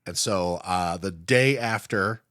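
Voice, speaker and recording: A man co-hosting a horror film podcast, telling stories in a casual, animated way, laughing often and restarting his sentences. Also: low-pitched, slow pace, no echo, studio quality. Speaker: podcast co-host. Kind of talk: casual chat.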